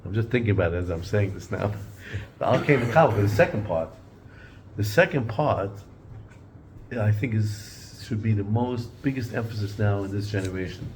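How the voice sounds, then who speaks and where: A man's voice: fairly low pitch, darkish tone, slight background noise. A man teaching an informal Torah class in a conversational way, often repeating and restarting words and mixing in Hebrew and Yiddish terms.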